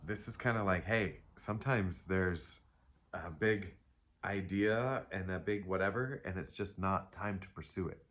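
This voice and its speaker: A man's voice: sits low, measured pace, fairly bright tone. A man giving a casual spiritual tarot reading, rambling and joking with himself as he talks. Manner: rambling, self-interrupting, playful asides. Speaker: tarot reader.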